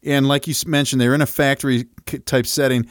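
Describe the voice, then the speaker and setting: A man in casual podcast chat, picking apart an action movie with an amused, animated delivery. His voice sits at a middle pitch, and the sound is close and dry. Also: fast talker, no echo. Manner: amused, animated, laughs through his lines. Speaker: podcast co-host. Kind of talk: casual chat recapping a film.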